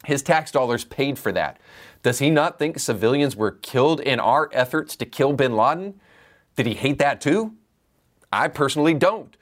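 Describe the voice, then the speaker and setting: A man's voice: medium pitch, animated, normal speed. A man hosts a scripted commentary show. He speaks in a mid-range voice and pushes his points with opinionated emphasis. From United States. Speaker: commentary podcast host.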